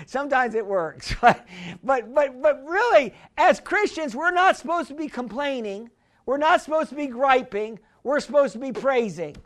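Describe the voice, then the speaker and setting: High-voiced woman preaching with slow emphasis. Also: expressive. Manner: emphatic, repeats key phrases, stumbles on restarts; slows down hard to stress lines. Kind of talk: sermon.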